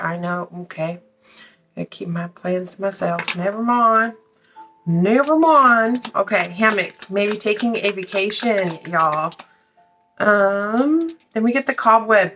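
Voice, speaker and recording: A woman's voice: medium pitch, fairly bright tone, slight background noise. Chatty, blunt woman reading tarot. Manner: chatty, blunt, swears casually. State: out of breath. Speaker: tarot reader.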